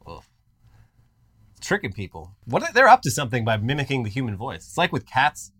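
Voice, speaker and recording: A man in casual comedic banter, his voice bright and forceful. He swings his pitch all over the place as he rants in mock outrage and swears freely. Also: huge pitch swings, fairly quick, husky. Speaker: podcast co-host.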